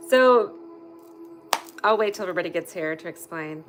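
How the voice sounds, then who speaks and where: Over music, a woman with a fairly low, animated voice chats at a moderate pace during a casual live stream. She's at home indoors next to a fireplace, talking candidly and cursing freely when things irritate her.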